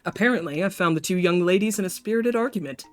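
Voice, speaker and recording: A woman's voice: on the low side, fast. Chatty woman streamer over faint music. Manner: wry, chatty asides. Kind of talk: reading a story game aloud with live chat.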